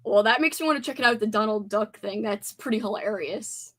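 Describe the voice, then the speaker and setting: A woman's voice: mid-range voice, fairly quick, fairly bright tone. A young woman hosting a livestream, chatting casually in a bubbly way and laughing easily. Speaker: livestream host. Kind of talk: casual chat.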